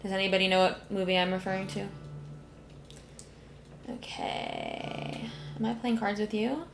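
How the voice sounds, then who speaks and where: A young woman streaming a video game, chatting casually and emotionally with lots of fillers and soft laughs. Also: medium pitch, huge pitch swings, measured pace, gravelly, noisy background. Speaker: gaming streamer. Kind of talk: casual let's-play commentary. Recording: echoey room, game music behind.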